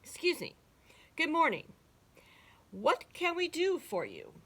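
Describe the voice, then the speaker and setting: A woman's voice: wildly swooping pitch, slow, a bit bright, exaggerated voice. A woman voicing an earnest, bossy male chief frog in a storybook, calling out in a raised, emphatic voice. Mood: polite. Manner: raised, high, emphatic calls.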